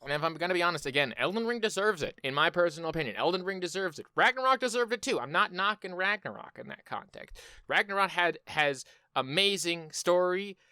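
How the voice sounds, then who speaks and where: Male commentator, loose sarcastic reaction talk; crisp, smooth tone. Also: high voice, animated, brisk, pushed and bright, no echo. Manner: loose, profane, sarcastic asides. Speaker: video commentator.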